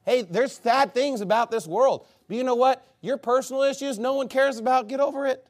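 A man delivers a scolding sermon as a pastor, a little fast with hardly any pauses. He's blunt, alternating between loud emphasis and hushed asides.

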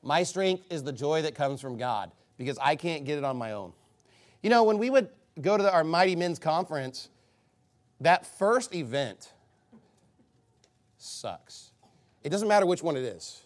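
A man preaching a sermon as a pastor, blunt and scolding, swinging between loud emphasis and low asides. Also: very animated, unhurried, pauses often.

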